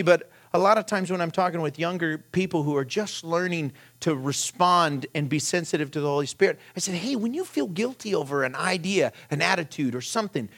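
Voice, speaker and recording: Man preaching, high-pitched voice, middle-aged pastor, chatty sermon, rhetorical questions. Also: a bit bright. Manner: conversational preaching with rhetorical questions and short anecdotes.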